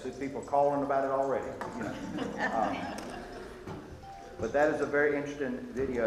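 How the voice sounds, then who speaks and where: A man leads a Sunday school lesson, talking earnestly and sometimes stumbling over his words before he presses his point. His voice sits at an ordinary pitch for a man. It rings through a big reverberant church hall with a faint hiss underneath. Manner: earnest, halting with restarts, grows emphatic when quoting.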